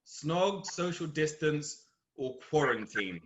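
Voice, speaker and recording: Young man, high bright voice, crude teasing banter, roomy echo. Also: expressive, slow, dull audio. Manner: crude, teasing, laughs often. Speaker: guest playing a chat game. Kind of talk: joking casual banter.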